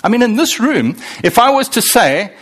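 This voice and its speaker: A man preaching in a church hall with a bright, fairly high voice that swings widely up and down. He talks to the congregation in an easy, conversational way and jokes with them as he goes. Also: moderate pace. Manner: conversational and animated, joking with the congregation. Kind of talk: sermon.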